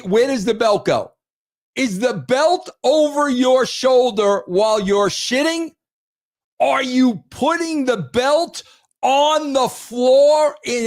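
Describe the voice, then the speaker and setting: A middle-aged man hosting a wrestling show, ranting in a crude, exasperated way and repeating himself for emphasis. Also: very high voice. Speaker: host. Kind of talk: ranting commentary.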